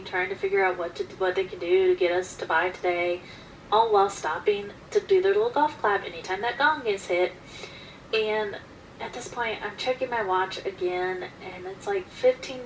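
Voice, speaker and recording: A woman casually telling a personal story in an animated, emphatic way, recorded from some distance. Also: mid-range voice, slight background noise.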